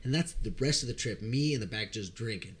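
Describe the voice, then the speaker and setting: A man's voice: fairly low pitch, quick pace, breathy edge. Young man telling a rowdy story. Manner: animated, laughing, profane storytelling. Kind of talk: casual chat.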